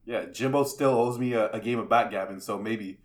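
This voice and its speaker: Guest chef, male, 20s, low-pitched, blunt and offhand. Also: fairly quick. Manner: blunt, swears casually, quieter when musing. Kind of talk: casual chat.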